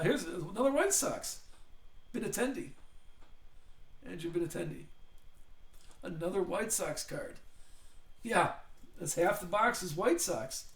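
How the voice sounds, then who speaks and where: An older man hosting a live card break, chatting in a rambling way as he reads out player names. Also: sits high. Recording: echoey room.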